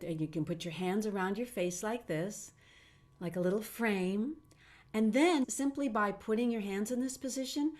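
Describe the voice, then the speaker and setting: Woman, middle-aged, voice teacher running a webinar. Animated delivery with frequent demos. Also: mid-range voice. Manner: animated, demonstrates sounds with her own voice.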